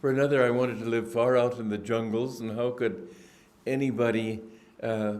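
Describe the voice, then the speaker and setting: A man giving a spiritual discourse, telling stories in an unhurried, reflective way with frequent restarts and throat-clearing. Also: mid-range voice, steady tone, a little mellow. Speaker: spiritual teacher. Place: indoor gathering hall.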